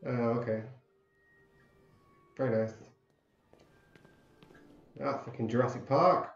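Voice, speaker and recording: A man's voice: medium pitch, slow pace, creaky, echoey room, highs cut off. A man commenting on a game as he plays, swearing and joking at it. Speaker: gamer. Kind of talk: let's play commentary. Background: game music.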